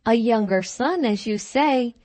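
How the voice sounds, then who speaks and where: A woman voicing a wealthy, composed lady who answers with calm, cutting words. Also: on the high side, unhurried, no room sound. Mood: coolly defiant. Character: wealthy, cool, self-assured woman engaged to a young lord.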